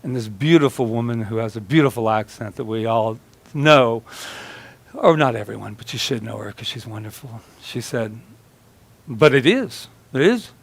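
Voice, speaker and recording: A man's voice: medium pitch, moderate pace, creaky. A man preaching a conversational sermon at a church service, telling stories in a chatty, joking way and laughing as he talks. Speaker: minister.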